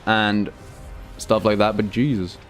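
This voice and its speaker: A man's voice: lowish voice, fairly even intonation, unhurried, faint music behind. Casual man streaming games. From Sweden. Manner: loose and profane, reads chat aloud, many fillers. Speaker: game streamer. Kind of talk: casual live-stream chat.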